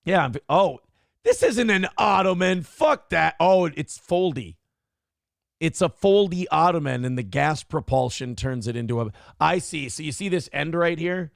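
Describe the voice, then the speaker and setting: Profane, animated man with a gravelly voice. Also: on the high side, unhurried, no room sound, clean studio sound. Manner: profane, joking, animated riffing. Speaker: morning show co-host. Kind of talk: casual comedic banter.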